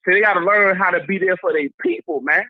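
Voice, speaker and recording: High-voiced male caller on a dull line. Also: fast, dry recording. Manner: passionate, repetitive, preachy. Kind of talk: casual call-in rant. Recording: dull lo-fi phone call.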